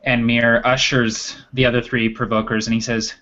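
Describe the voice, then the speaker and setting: A man narrating as dungeon master in a tabletop game, telling the story at a steady pace. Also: mid-range voice, normal speed. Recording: dull lo-fi recording.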